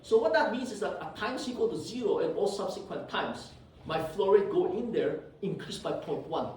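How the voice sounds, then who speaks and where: Animated male lecturer in an echoey hall. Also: high voice, normal speed, recorded from a distance, slight background noise. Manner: animated, teasing, asks "did you see?" often. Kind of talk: live classroom lecture with live coding. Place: classroom.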